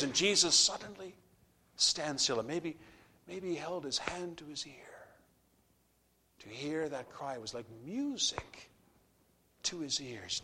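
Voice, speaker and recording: A man preaching a sermon, swinging from hushed whispers to loud, fervent climaxes with slow, deliberate phrasing. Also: medium pitch, slightly rough.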